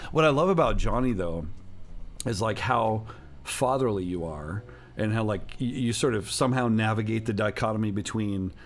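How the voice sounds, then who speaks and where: A man's voice: on the low side, normal speed. A man hosting a casual chat with his players as their game master, laughing often and talking with lots of fillers.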